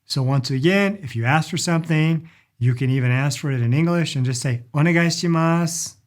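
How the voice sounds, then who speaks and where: Speaking a little fast at medium pitch, this middle-aged man teaches language and culture. He walks through travel phrases informally, drawing out vowels as he models each one.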